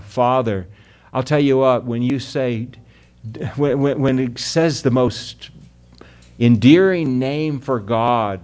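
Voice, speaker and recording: A male pastor delivering an earnest sermon in a voice of ordinary middle pitch. He leans hard into key words, then drops to a softer, slower tone when he reads scripture aloud. He keeps turning to his listeners as friends and beloved. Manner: earnest preaching, drops loud then soft for emphasis, slows on scripture; addresses the congregation as "my friends" and "beloved".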